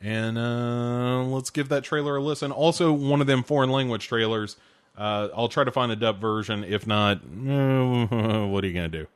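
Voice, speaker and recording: A man hosting a casual film review, talking in a rambling, relaxed way with lots of "uh" and "um". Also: mid-range voice, normal speed, clear, resonant tone. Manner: rambling, relaxed, many fillers. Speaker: podcast host reviewing films. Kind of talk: casual chat.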